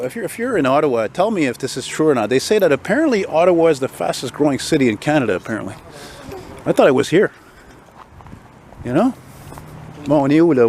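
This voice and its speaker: A man's voice: medium pitch, slight background noise. Grumbling man ranting on a city walk. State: tired and unwell. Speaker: vlogger. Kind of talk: walking vlog rant. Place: outdoors on a city street.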